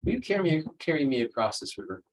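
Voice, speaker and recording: A man's voice: on the high side, big pitch swings, fast talker, pitched above the performer's own voice, poor audio. A man voicing a sly male scorpion from a fable, casual and persuasive. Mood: coaxing.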